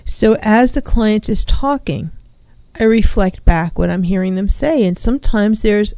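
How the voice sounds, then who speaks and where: A woman's voice: medium pitch, animated, a little slow, mellow, no room sound. A woman therapist hosting a radio talk show, speaking reflectively into a studio microphone. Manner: reflective, speaks in first person about feelings. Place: small studio. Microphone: studio microphone with headphones.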